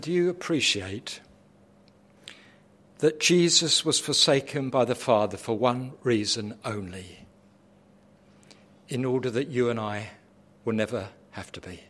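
A man with a high voice delivers a sermon. His delivery is dramatic, moving from quiet, hushed phrases to loud, forceful ones. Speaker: preacher.

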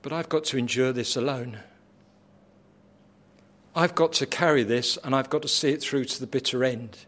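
A man's voice: mid-range voice, moderate pace, fairly bright tone, voice pushed down, lightly acted. A male preacher speaking as a man in anguish, pleading earnestly with his divine father.

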